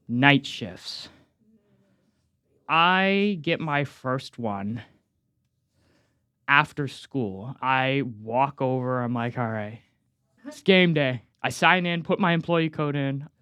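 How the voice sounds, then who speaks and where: A teenage boy telling a casual personal story, acting out the dialogue with quick voice changes. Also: on the high side, smooth, no echo, clean studio sound. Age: teens. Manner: animated, acts out dialogue with quick voice shifts. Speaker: student storyteller.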